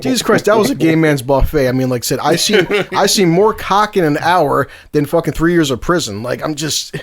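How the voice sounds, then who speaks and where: A man co-hosting a podcast, telling a story in casual chat, animated, profane and laughing as he goes. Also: a little high, fairly quick. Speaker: podcast co-host.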